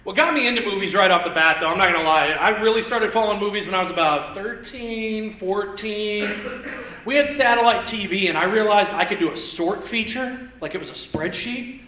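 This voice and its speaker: A man in his thirties doing live stand-up comedy on a theater stage, rambling and self-deprecating with quick asides. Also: high voice, sharp tone. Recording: roomy theater sound, mic heard from a distance.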